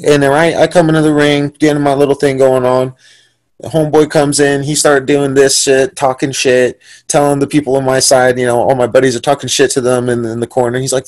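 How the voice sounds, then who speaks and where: Profane animated man telling a fight story. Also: mid-range voice, brisk, no room sound. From San Diego, US. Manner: animated, profane, acts out quoted voices. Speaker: podcast guest, fighter. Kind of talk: casual storytelling.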